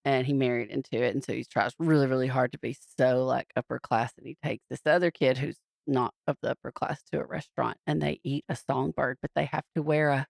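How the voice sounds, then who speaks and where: A woman's voice: rumbling low, steady tone, fairly quick, vocal fry, hardly any pauses, darkish tone, no room sound, clean studio sound. A woman co-hosting a podcast in casual chat, retelling stories in a meandering way and acting out the quoted lines. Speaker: podcast co-host.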